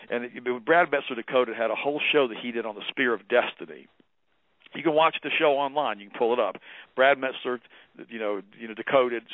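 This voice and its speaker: A man talks fast as a guest on a radio call-in show, pressing his points with preachy emphasis. The sound is dry and squeezed into a narrow phone-like band. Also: medium pitch, no room sound. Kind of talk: talk radio interview.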